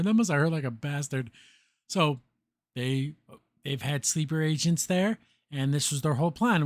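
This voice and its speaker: A podcast host in casual recap mode, talking through a cartoon episode with plenty of laughs. His voice sits a little high for a man, and he breaks into quick impressions of the characters as he goes. The recording is close and dry, with no room sound. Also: no echo. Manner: chatty, laughs often, acts out characters' lines.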